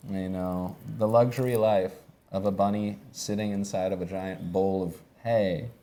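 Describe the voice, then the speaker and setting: Man, young adult, casual comedy rambling, low pitch, warm dark tone. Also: steady tone, a little slow. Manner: rambling, joking while feeding animals.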